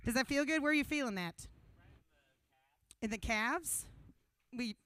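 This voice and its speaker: A woman's voice: fairly high pitch, unhurried, fairly bright tone, clear, resonant tone, no room sound. A young woman emceeing a live benefit show on a small stage, rambling with self-deprecating jokes into a handheld mic. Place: small stage at a brewery event. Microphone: handheld microphone.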